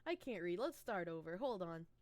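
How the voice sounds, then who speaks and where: A woman's voice: lowish voice, sing-song, normal speed, a little mellow. A woman streaming live in casual, chatty talk with a groggy morning voice. She swears freely and laughs often. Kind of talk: casual livestream chat.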